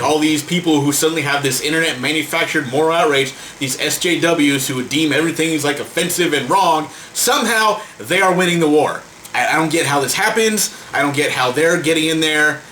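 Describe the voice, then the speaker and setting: A man's voice: fairly high pitch, pushed and bright, slight background noise, low-quality recording. A man vlogging a heated rant to camera. He swears a lot and trips over repeated words in exasperation.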